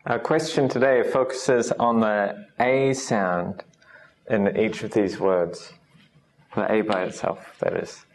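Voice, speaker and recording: A man teaching English pronunciation in a recorded lesson, saying each sound slowly and patiently. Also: lowish voice, darkish tone, a little hiss or hum.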